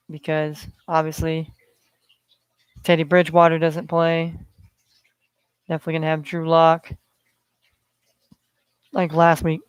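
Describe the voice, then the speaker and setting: A man's voice: high-pitched, clear, resonant tone, dry recording. A man hosting a solo sports betting podcast, talking in a rambling way with many fillers. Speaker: podcast host.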